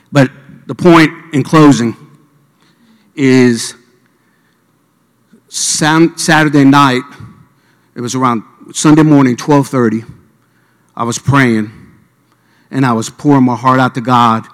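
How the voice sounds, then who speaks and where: A man from Miami tells a sermon story, acting out each voice in the scene. His mid-pitched voice carries a long reverb from a large hall. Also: slow, long pauses. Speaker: preacher.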